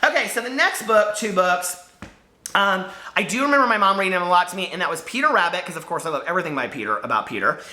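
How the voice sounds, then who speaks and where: Bubbly, lively man in an echoey room. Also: sits high, fast talker. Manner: gushing, giggly and nostalgic. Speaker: book vlogger. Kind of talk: casual chat to camera.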